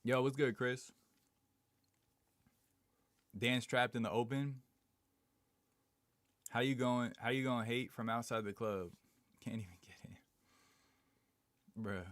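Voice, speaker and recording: This streamer's mid-range voice is steady and fairly bright, and he speaks slowly with long pauses on a dry recording. Relaxed and full of slang, he reads his chat aloud and answers it.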